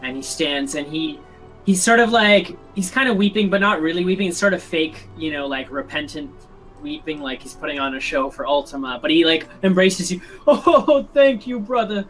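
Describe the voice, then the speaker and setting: A woman's voice: deep voice, moderate pace, fairly bright tone, soft background music, rough recording. A woman narrating as game master in a tabletop game over online voice chat, with loose, filler-heavy narration.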